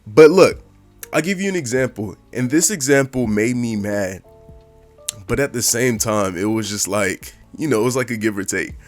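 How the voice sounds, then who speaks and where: A man's voice: mid-range voice, normal speed, no room sound. Young male storytime narrator, mid-range voice, exaggerated comic delivery, faint music bed. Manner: animated, exaggerated, slangy storytelling with mouth sound effects. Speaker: storytime YouTuber.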